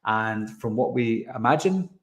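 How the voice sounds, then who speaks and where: Expressive and unhurried, this mid-range voice belongs to a live stream host dissecting a trailer in casual conversation. The room sounds large and echoey, and he meanders through tangents while answering comments from chat.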